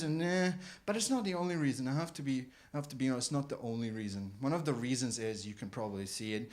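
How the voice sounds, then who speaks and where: Brash, profane stand-up comedian, lively. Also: male voice, medium pitch, fast, few pauses. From Germany. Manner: brash, profane, animated storytelling. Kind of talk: stand-up set. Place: comedy club stage. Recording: live club set with crowd laughter. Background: audience laughter.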